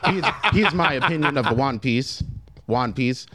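A man's voice: fairly high pitch, sing-song, normal speed, sharp tone, no room sound. A man putting on an exaggerated mock Jamaican accent, hamming it up and laughing between words. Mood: mock serious.

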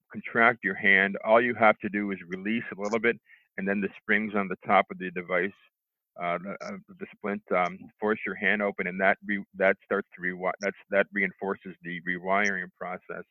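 A middle-aged man telling how he recovered from a stroke, halting, with lots of restarts and fillers. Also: low-pitched, level tone, dry recording. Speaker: stroke survivor interviewee. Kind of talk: telling his own recovery story. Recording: tinny phone line, dry.

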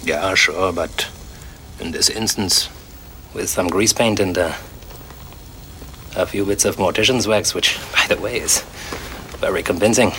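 In a film drama clip with background noise, an actor plays an arrogant, confident cameraman with a German accent and a bombastic, self-assured manner. His voice is low, bright, and forceful, unhurried with frequent pauses.

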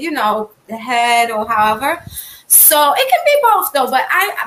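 Female co-host, high and bright voice, candid and chatty. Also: slight background noise. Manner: frank, chatty, reads viewer comments aloud. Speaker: podcast co-host and blogger. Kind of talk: candid casual chat.

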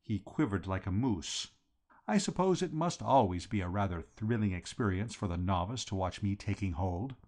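A man hosting a podcast, reading a comic novel aloud with wry, animated storytelling. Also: fairly low pitch, normal speed.

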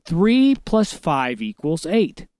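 Male podcast host, animated swooping voice, slightly high, rambling and swearing, dry sound. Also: slow pace, dry recording. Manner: profane, excitable, rambling. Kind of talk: casual chat.

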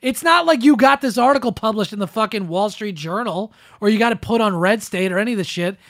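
A man with a high-pitched, slightly bright voice talks fast as a podcast host, sarcastically ranting about the news in casual chat. It's studio-quality audio from a close mic, with no room sound.

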